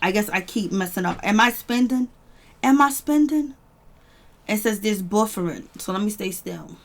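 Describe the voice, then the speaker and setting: A woman's voice: mid-range voice, lively intonation, normal speed. A woman hosting a casual live-chat review stream. She greets viewers by name and laughs often. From near Boston, US. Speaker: livestream host reviewing a reality show.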